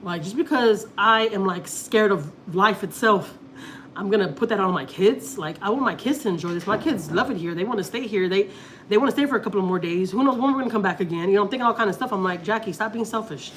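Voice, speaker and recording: A Texas woman talks loosely to her viewers, circling back and repeating herself as she tells a story. Her pitch sits at a middling level. Faint noise hums under the recording. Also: fast talker, a bit bright. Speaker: family vlogger. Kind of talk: casual live-stream chat.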